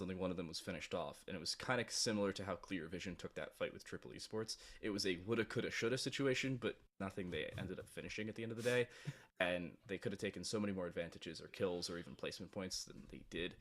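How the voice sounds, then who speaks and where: Low-voiced esports caster, dry humor. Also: male voice, fairly bright tone. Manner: measured analysis, dry jokes. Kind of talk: esports commentary and banter.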